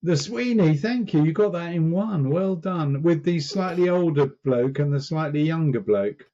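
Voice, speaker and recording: A man's voice: a little high, animated, normal speed, warm tone, dull audio. A man co-hosting a podcast, chatty and teasing, often hesitating with questions. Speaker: podcast co-host. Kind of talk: casual chat.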